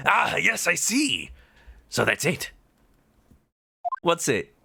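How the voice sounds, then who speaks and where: A man's voice: a little high, wildly swooping pitch, slow, vocal fry, sharp tone, slight background noise, voice pushed up, heavily acted. A man voicing an eccentric, grandiose male detective. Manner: grandiose, theatrical.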